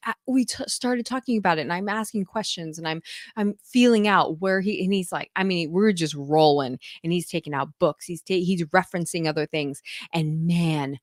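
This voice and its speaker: A woman's voice: fairly low pitch, fairly quick, no room sound, clean studio sound. A woman homeschool mentor talking casually to her viewers, gushing and effusive, often breaking into laughter. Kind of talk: casual talk to camera.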